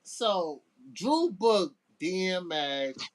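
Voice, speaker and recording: A middle-aged man tells laid-back stories from his years as a DJ. His delivery is unhurried and his pitch rises and falls a great deal. He restarts his sentences often as he talks. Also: very animated. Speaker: guest DJ. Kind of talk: casual storytelling.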